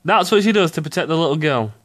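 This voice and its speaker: A young man giving profane, ranting commentary on video games, excitable and quick to burst out shouting. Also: a little high. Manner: excitable, swears often, sudden shouty outbursts. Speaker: gaming commentator.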